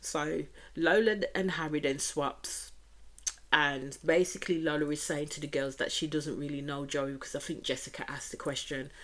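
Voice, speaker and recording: A woman's voice: deep voice, steady tone, normal speed, fairly bright tone. A woman with a Birmingham accent giving a chatty, opinionated reaction review of a reality show, often repeating stock phrases.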